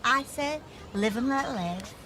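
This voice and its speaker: An actress playing a prim, haughty wife in a TV sitcom, speaking in a condescending way. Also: female voice, fairly high pitch, animated, unhurried, noisy background.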